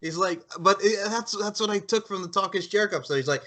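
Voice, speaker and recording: A man's voice: high-pitched, fast, few pauses, a bit bright. A man co-hosting a casual wrestling podcast, chiming in with short interjections and wry asides. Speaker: podcast co-host.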